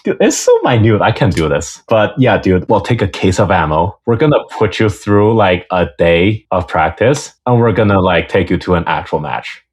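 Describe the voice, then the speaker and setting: A man chatting as a podcast guest, animated, swearing casually and trailing off mid-thought. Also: low voice, normal speed, few pauses, breathy edge.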